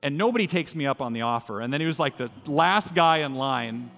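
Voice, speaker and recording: A man's voice: on the high side, animated, brisk, fairly bright tone. A man preaching a sermon as pastor, telling a story earnestly in a church. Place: church sanctuary. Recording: reverberant hall with faint music.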